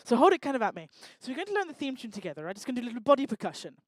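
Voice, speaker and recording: A woman doing lively, teasing crowd work on a live talk stage, speaking into a handheld microphone. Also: on the high side, no echo. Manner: energetic, teasing, bossy and quick to joke. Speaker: stage performer working the crowd.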